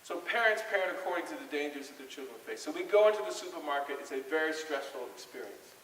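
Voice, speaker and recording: A man's voice: on the high side, lively intonation, fast talker, a bit bright. A middle-aged man from Southern Delaware giving a storytelling talk to a school audience in a conversational way, often putting questions to the crowd. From Southern Delaware, USA. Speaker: guest speaker at a school. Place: large school hall. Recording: far from mic, long hall reverb, faint hiss.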